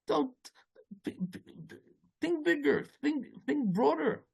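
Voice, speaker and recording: A man giving an informal Torah talk as a rabbi. He speaks haltingly, with many restarts, and mixes Yiddish and Hebrew terms into his English. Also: lively intonation, creaky, a little mellow. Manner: storytelling, rising in pitch as the tale builds.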